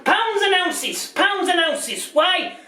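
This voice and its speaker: A bumbling, bigoted news anchor, as a comedian puts him on, stumbling through his lines and flaring into rants. The voice sits high for a man. It sounds echoey and a little off-mic. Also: big pitch swings, slow pace, pushed and bright, far from the mic, full character voice. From Britain. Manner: rambling, stumbling, bursts into rants. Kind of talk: parody news presenting.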